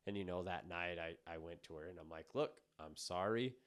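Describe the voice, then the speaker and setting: A very deep-voiced man in his thirties co-hosts a casual podcast chat. He talks bluntly and swears freely. He moves between low, quiet asides and sudden loud bursts. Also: level tone, fast. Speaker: podcast co-host.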